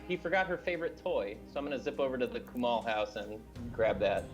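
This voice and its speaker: A man's voice: medium pitch, animated, fast talker, lo-fi sound, music in the background. A man playing a tabletop game, describing his character's moves in a playful, teasing way. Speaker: player. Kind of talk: casual tabletop role-play.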